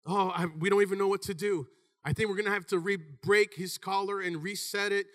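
Bright, forceful and full of energy, this high-voiced preacher in his thirties addresses his congregation in rapid bursts, asking "Amen?" and at times rising into a shout as his animated sermon goes on.

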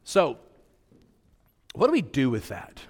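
A man preaching a sermon as pastor, conversational and animated, with sudden jumps in pitch. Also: slow pace. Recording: long hall reverb.

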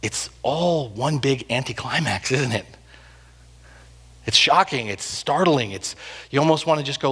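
Animated preacher man in a reverberant hall. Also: mid-range voice, unhurried, long pauses, breathy edge. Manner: animated storytelling, swings between loud and hushed. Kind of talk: sermon.

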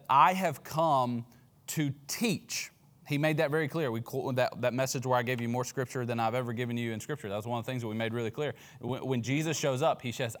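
A man preaching as pastor, talking through a Bible passage in a loose, conversational way with frequent fillers and restarts. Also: on the high side. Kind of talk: sermon.

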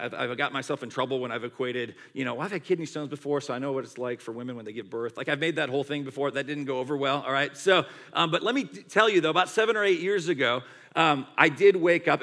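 A middle-aged man preaching a sermon in a conversational, animated storytelling way, acting out quotes as he goes. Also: fairly high pitch. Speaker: pastor.

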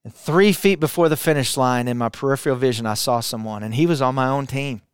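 A middle-aged man from Arkansas telling a personal testimony to a camera, building intensity through repetition and dropping quiet for emphasis. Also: medium pitch, fast talker, clear, resonant tone, no room sound, studio quality. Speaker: speaker sharing a personal testimony. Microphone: camera, speaking to it.

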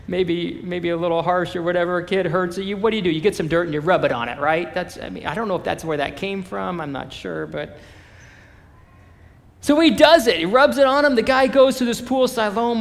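A male pastor preaching a sermon in a casual, animated storytelling manner. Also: sits high, creaky, big-room sound.

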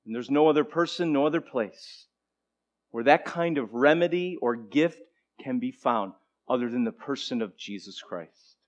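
A man preaching a sermon, moving between emphatic declarations and hushed, conversational asides to the congregation. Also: medium pitch, animated, moderate pace, muffled recording. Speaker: pastor.

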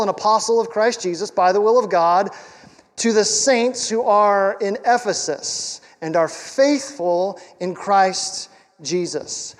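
A high-voiced male pastor preaches a sermon, and a long reverb tail trails his words. His delivery is conversational and emphatic, full of rhetorical questions and words repeated for stress.

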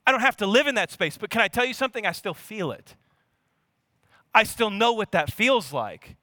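A pastor in his thirties from Louisiana, with a Louisiana accent, preaches a lively sermon packed with repetition and rhetorical questions. His voice sits high and moves at normal speed. The recording is studio quality with no echo.

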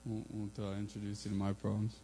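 A man giving an informal, earnest sermon, building to loud emphatic peaks, with a mains hum behind him. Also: lowish voice, completely flat delivery, fast talker, low-quality recording. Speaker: preacher.

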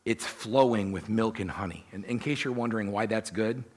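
A man preaching a sermon, telling the story in an animated way and voicing the people he quotes. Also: lowish voice, moderate pace, husky. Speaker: pastor.

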